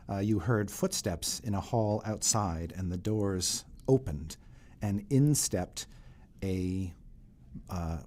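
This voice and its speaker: A man narrating a tabletop game as dungeon master, describing scenes unhurriedly with frequent pauses. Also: sits low, darkish tone.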